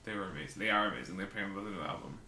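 A man's voice: deep voice, rapid-fire, pushed and bright. A man chatting casually as a podcast co-host, teasing and arguing back. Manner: teasing, argumentative. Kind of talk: casual chat. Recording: echoey room with faint noise.

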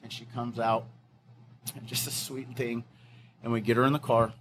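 Middle aged firefighter guy, lots of um and uh, tells it slow then acts out the voices. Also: medium pitch, level tone, a little hiss or hum. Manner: halting storytelling with many fillers and restarts; acts out quoted voices of others. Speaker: fire captain. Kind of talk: recounting a wildfire evacuation.

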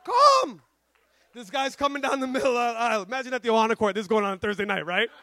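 A man preaching an energetic sermon in a fervent, slangy way, shouting at the peaks. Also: very high voice, very fast, a faint crowd.

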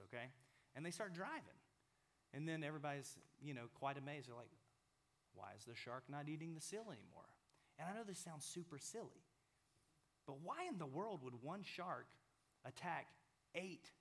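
A man in his thirties preaching a sermon in a lively, animated way. He acts out small inner dialogues with changing voices and at times sinks to a near whisper. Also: on the high side. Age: 30s.

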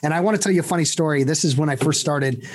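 A man's voice: fairly high pitch, racing. Talkative man hosting a podcast. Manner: energetic storyteller, many fillers and restarts. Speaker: podcast host. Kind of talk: casual interview.

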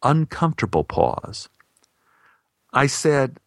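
A male actor telling a personal story as a monologue, in a wry, measured way with deadpan humor. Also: fairly low pitch, no room sound, clean studio sound.

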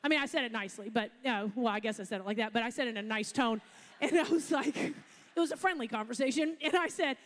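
Woman pastor, higher voice, casual storytelling sermon, long hall reverb. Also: quick pace. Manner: chatty storytelling with laughs and asides.

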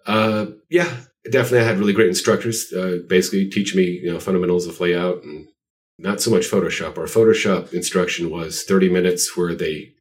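A man's voice: sits low, fairly quick, far from the mic. A man being interviewed about his art, telling stories in a rambling, self-deprecating way with lots of fillers. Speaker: artist guest. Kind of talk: casual interview chat.

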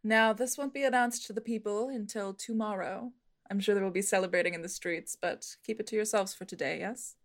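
A woman's voice: mid-range voice, lightly acted. A woman playing a courteous male official. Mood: formal. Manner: formal, measured.

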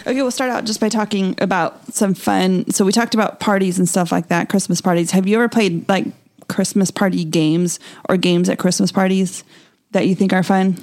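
A woman co-hosting a marriage podcast, explaining a party game in a steady, upbeat way. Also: mid-range voice, normal speed. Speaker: podcast co-host. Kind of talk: casual chat.

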